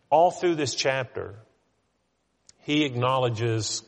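A man's voice: mid-range voice, expressive, measured pace, fairly bright tone, long reverb tail. A middle-aged male pastor reading scripture and preaching an earnest sermon. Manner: reads scripture aloud, then preaches earnestly with small restarts.

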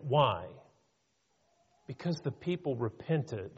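A man's voice: fairly high pitch, big pitch swings, slow pace, vocal fry, long pauses, husky. A man preaching a sermon with earnest emphasis and rhetorical questions, in a church hall. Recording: reverberant hall, dull lo-fi.

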